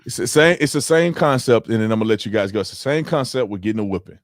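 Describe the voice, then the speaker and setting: A man's voice: lowish voice, quick pace. A man hosting a casual panel livestream, telling stories with slang and acting out what people said. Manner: animated storytelling, slangy, acts out quotes. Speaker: host.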